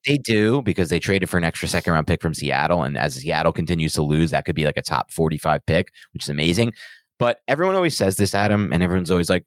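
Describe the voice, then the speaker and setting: A man co-hosting a podcast, talking in casual banter that is emphatic and animated, with defensive rants. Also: low voice, fast talker, no room sound. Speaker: podcast co-host.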